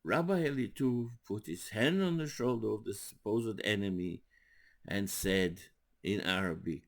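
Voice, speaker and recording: An older man, a rabbi, telling stories in a sermon with animated, rising emphasis. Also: lowish voice, a little slow. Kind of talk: storytelling sermon.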